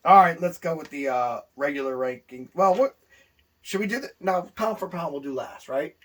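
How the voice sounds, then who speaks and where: A man's voice: a little high, animated, moderate pace, fairly bright tone, distant mic. A man co-hosting a wrestling talk show, indignant and bragging about being a good, humble guy. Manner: boastful, indignant, self-praising. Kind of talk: casual in-character chat.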